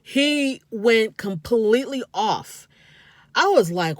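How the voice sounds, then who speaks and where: Animated woman reviewing reality TV, dry sound. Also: fairly high pitch, takes it slowly, no echo. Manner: animated, scolding, talks straight to the people on the show. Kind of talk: casual commentary.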